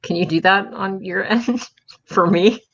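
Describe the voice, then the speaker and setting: A woman's voice: medium pitch, unhurried, fairly bright tone, lo-fi sound. A woman hosting a casual livestream chat, blunt and swearing, laughing often. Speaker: livestream host.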